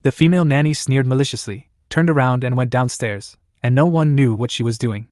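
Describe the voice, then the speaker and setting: A man reading a story recap as scripted narration, in an even, plain voice. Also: mid-range voice, brisk, no room sound, studio quality.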